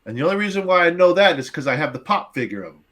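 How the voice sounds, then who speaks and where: A man hosting a casual movie review podcast, recapping scenes in an animated, profane way. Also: on the high side, very fast. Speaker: podcast host.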